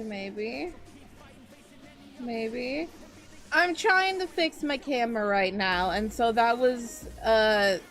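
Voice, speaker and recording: Slow, playful woman streamer. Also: a little high, a bit bright. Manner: playful and teasing, greets chat by name, silly noises. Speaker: VTuber streamer. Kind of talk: casual live-stream chat.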